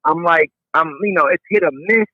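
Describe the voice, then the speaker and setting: A man tells a personal story in an easygoing, slangy voice that sits a touch high for him. He fills the talk with loose fillers. The audio is muffled and lo-fi, with no room sound at all. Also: moderate pace, dry recording. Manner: relaxed, slangy, many fillers. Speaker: interviewee. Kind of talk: casual storytelling. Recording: dull, dry lo-fi audio.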